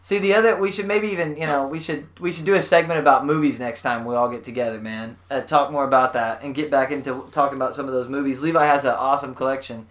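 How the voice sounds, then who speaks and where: A man's voice: medium pitch, fairly even intonation, fast talker, few pauses, fairly bright tone. A man from Texas co-hosting a podcast in casual chat, laid-back and peppering his talk with "dude" and "man.". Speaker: podcast co-host.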